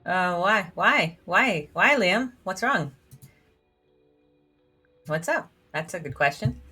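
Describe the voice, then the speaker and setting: A woman's voice: lowish voice, lively intonation, slow, sharp tone, husky, soft background music. A woman playing a story game and reading its dialogue aloud, laughing at herself as she goes. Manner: giggly, self-deprecating, reads dialogue aloud. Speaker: gamer reading all the game's characters. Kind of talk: let's play commentary.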